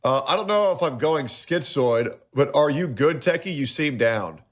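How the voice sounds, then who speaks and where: A young adult man streaming, talking in an emotional, halting way with frequent stammered restarts. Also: on the high side, animated. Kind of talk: emotional live-stream monologue.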